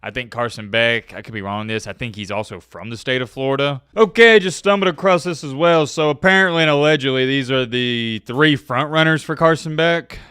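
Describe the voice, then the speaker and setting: A man's voice: medium pitch, steady tone, brisk, few pauses, sharp tone, clear, resonant tone, dry recording, clean studio sound. A man hosting a sports commentary channel, talking casually to camera with playful hype and rhetorical questions.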